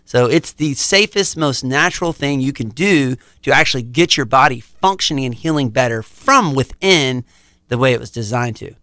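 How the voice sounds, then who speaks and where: A man's voice: mid-range voice, lively intonation, normal speed, bright, forceful tone, dry recording. A middle-aged man, a chiropractor, explaining his practice confidently in a podcast interview. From United States.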